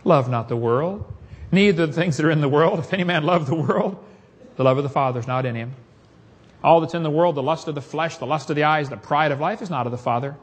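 Husky-voiced Southern preacher, folksy. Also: male voice, on the high side, fast talker. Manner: folksy, joking, storytelling. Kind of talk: sermon.

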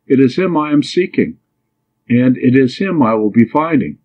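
A man playing a proud young Highland man in an audiobook, earnest and fierce. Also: expressive, moderate pace, natural voice. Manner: fierce then gentle, earnest. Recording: dull lo-fi recording.

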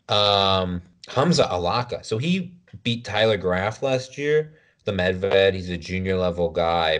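Male podcast co-host, very deep voice, loose joking banter. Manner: loose, joking banter, rattles off wrestler names. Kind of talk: casual podcast chat.

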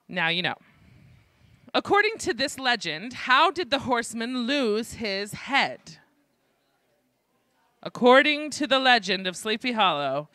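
With a mid-range, bright and forceful voice and no room sound, a host with a New York accent leads a live trivia game show. The setting is an indoor student event at a library, and the host throws playful, jokey asides to the audience.

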